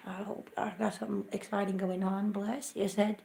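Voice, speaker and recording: A woman hosting a laid-back livestream, talking in a chatty, self-mocking way and often muttering to herself. Her voice has a gravelly, fry-tinged edge. The sound carries a noticeable room echo. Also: medium pitch, level tone, moderate pace, dark tone. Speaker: livestream host. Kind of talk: casual live chat. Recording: echoey room.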